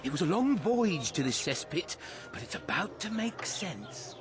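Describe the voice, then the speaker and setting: A sneering bounty hunter from a video game, mocking his target in a high, singsong voice that swoops up and down. He draws out his threats, smug and sure of himself. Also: sing-song, a crowd in the background. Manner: mocking, menacing, drawn-out delivery.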